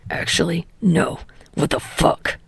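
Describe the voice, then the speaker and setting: A woman's voice: fairly low pitch, slow pace, creaky, husky, dry recording, voice pushed down, full character voice. A woman voicing a foul-mouthed, furious teenage boy student hero in a podfic reading, blunt and crude. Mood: exasperated. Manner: crude, blunt, shouting in anger.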